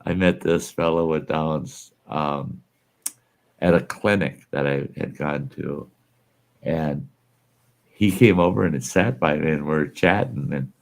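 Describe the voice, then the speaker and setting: A man's voice: very deep voice, slow, vocal fry. A man hosting a casual chat, telling folksy anecdotes and laughing at his own stories. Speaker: podcast host.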